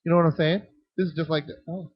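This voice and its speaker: Lively man teaching a ministry workshop. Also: fairly high pitch, fast talker, slightly rough. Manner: animated, acts out voices in anecdotes, frequent restarts. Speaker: children's ministry trainer. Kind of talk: conference workshop talk with audience questions. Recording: dull lo-fi, dry sound.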